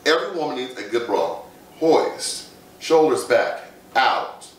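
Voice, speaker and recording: A man's voice: medium pitch, sing-song, a little slow, a little hiss or hum. Confident man giving style tips. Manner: confident, coaching with lists and short punchy phrases. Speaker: fashion image consultant guest. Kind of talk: casual talk show advice. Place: Las Vegas. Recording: echoey room, far from the mic.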